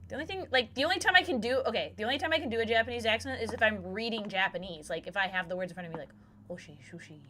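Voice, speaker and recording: A young woman streaming a horror game, whispering game text softly and then chatting loudly and excitedly. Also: on the high side, very fast, hardly any pauses, slight background noise. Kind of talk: live gameplay commentary.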